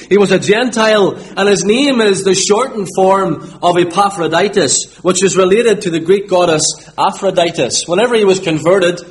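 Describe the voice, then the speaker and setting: A man from Northern Ireland with a Northern Irish accent, preaching a sermon and repeating his key words for emphasis. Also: sits high.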